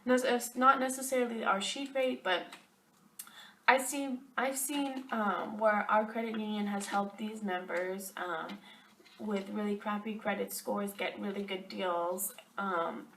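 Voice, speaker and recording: A woman's voice: medium pitch, fairly even intonation, measured pace, bright, forceful tone, a little hiss or hum. A young woman chatting to camera, ranting about her job with lots of fillers, recorded a little far from the mic. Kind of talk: casual chat to camera.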